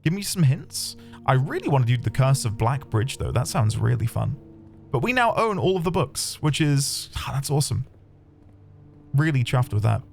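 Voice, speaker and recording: A man commentating his own game playthrough, chatty and excitable, talking to his viewers. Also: medium pitch, creaky. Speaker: game streamer. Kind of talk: let's play commentary. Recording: faint background music.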